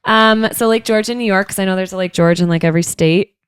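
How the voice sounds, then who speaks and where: A young woman co-hosting a podcast, relaxed and playful as she runs a couples quiz. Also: mid-range voice, quick pace, smooth, no room sound, studio quality. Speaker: podcast co-host. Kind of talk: casual chat.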